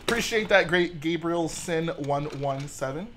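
A man's voice: a little high, measured pace, fairly bright tone, slight background noise. A young man from Texas hosting a casual livestream, trading laid-back jokes with his chat. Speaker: livestream host.

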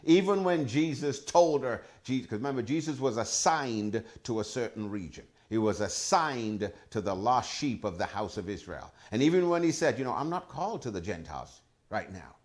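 A man's voice: mid-range voice, normal speed, few pauses. Emphatic preaching man. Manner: emphatic, repetitive, animated preaching with Scripture references. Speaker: pastor. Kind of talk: sermon.

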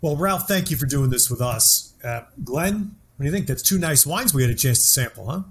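A man's voice: mid-range voice, animated, fairly quick. A man hosting a podcast interview, leading the guest with conversational questions. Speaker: podcast host.

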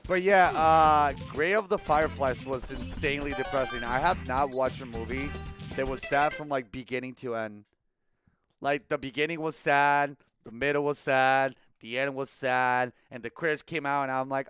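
A man's voice: mid-range voice, normal speed, over music. A man in his thirties chatting casually on a livestream while gaming, rambling, swearing often and breaking into laughter. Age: 30s. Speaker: streamer.

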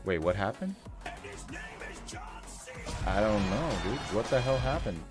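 A man streams a game in a fairly low voice with lively pitch swings. He talks slowly and asks puzzled questions. Faint music sits underneath. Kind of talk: live-stream gaming commentary.

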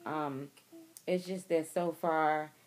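A woman's voice: low-pitched, fairly even intonation, slow pace, a little mellow. A young woman, talking candidly and emotionally to her viewers in a personal video diary, recorded outdoors. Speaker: vlogger.

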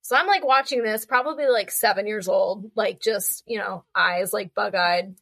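A young woman guest on a podcast, telling animated, chatty anecdotes and acting out voices as she goes. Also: mid-range voice, moderate pace, creaky. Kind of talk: casual storytelling conversation.

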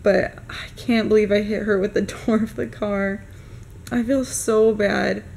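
A young woman narrating a casual family vlog to camera, chatty and candid with quick run-on asides. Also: mid-range voice, fairly even intonation, gravelly, a little mellow, a little hiss or hum. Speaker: family vlogger.

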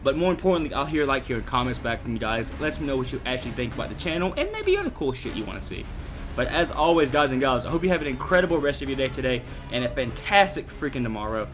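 A man's voice: mid-range voice, very animated, fast, music in the background. A young man hosting a gaming channel, giving casual, jokey, profane gameplay commentary to his viewers.

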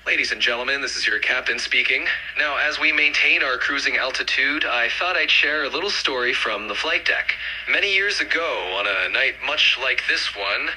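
A man's voice: medium pitch, expressive, normal speed, hardly any pauses, sharp tone, husky. A man's voice from an AI assistant, obligingly performing requests in different styles. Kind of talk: synthetic voice demo performing requests.

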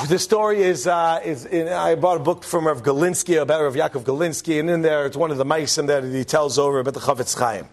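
A man, a rabbi, telling a story to a class in a lively way, acting out the quotes and asking the audience questions. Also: a little high, fairly quick. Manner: animated, acts out quotes, asks the audience questions.

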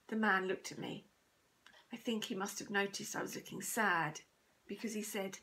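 A woman teacher reading a children's chapter book aloud, steady and expressive. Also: medium pitch, normal speed, rough recording. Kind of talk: storybook read-aloud.

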